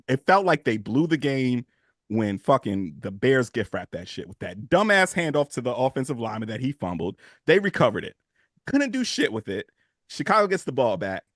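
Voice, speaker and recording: Animated man in casual sports talk. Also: mid-range voice, no room sound, clean studio sound. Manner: animated storytelling, swearing freely, laughs and gets emotional. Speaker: podcast co-host.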